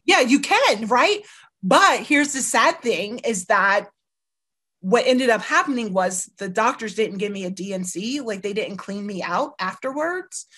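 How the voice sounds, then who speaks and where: A woman's voice: medium pitch, a bit bright. A middle-aged woman from the United States, a lawyer guest, telling her life story candidly and emphatically, often saying "you know" and acting out what people said. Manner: emphatic, acts out quoted dialogue, peppers talk with "you know" and "right".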